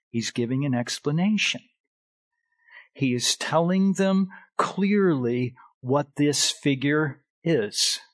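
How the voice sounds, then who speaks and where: Brief: male pastor, slow and emphatic sermon, dry close sound. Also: fairly high pitch, no room sound. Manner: emphatic, slow deliberate preaching with swings in loudness.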